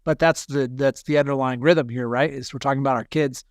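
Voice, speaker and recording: A man's voice: medium pitch, fairly even intonation, fairly quick, dry recording. Rambling male podcast host, dry sound. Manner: rambling, many restarts and fillers. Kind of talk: casual podcast chat.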